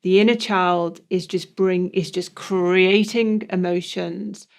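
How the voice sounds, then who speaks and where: A man co-hosting a reflective podcast discussion, explaining ideas in a measured way. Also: high-pitched, steady tone, vocal fry, clean tone. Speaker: podcast co-host.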